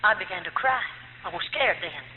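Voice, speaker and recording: A woman's voice: medium pitch, lively intonation, a little fast. A middle-aged woman from the United States telling her life story as a personal testimony, earnest, her voice rising and falling with feeling. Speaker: former nun giving testimony. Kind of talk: emotional personal testimony to an audience. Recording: tinny lo-fi archive tape in an echoey hall, faint hum.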